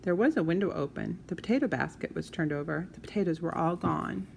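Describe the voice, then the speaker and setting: Woman reading a kids book aloud, lowish voice, hushed, faint hiss behind. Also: a little fast, gravelly. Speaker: storyteller.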